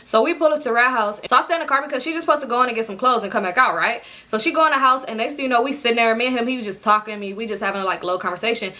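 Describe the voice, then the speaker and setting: Young woman, storytime vlogger, quick pace, bright ringing tone, slangy chatty delivery. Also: a little high. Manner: slangy, chatty, addresses viewers as y'all. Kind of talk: casual storytelling to camera.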